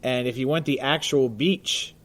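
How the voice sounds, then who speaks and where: A man's voice: mid-range voice, moderate pace, fairly bright tone. Chatty, jokey man co-hosting a podcast. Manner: chatty and jokey, laughs often, frequent "uh" fillers. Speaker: podcast co-host. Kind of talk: casual chat. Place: Baltimore.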